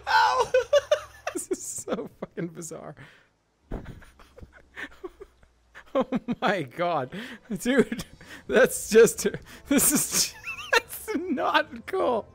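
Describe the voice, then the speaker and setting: A man streaming games live, his voice jumping between low mumbling and shrieking laughter. He rambles casually with a giggly edge. Sudden loud outbursts break up the chat. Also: wildly swooping pitch, drawn-out words, vocal fry, long pauses, a little hiss or hum.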